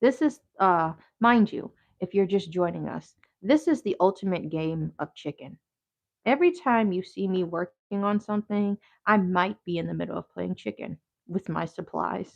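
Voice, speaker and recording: A woman's voice: fairly low pitch, lively intonation, normal speed, gravelly. A woman hosting a casual livestream while she crafts, rambling in slang and talking back to her chat. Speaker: yoga therapist and crafter, livestream host.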